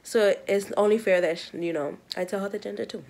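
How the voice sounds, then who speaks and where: A pregnant woman in her thirties from New York, chatting excitedly to camera in a rambling, giggly way. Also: medium pitch, a little fast, gravelly. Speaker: vlogger, mother of five. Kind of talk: casual vlog chat to camera.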